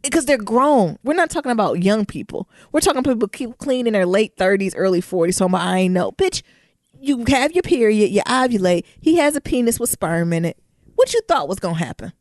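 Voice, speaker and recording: Young woman from Detroit, podcast co-host, lively swooping delivery, dry close sound. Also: mid-range voice, a little fast, no room sound. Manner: animated, profane, laughing asides. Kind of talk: casual chat.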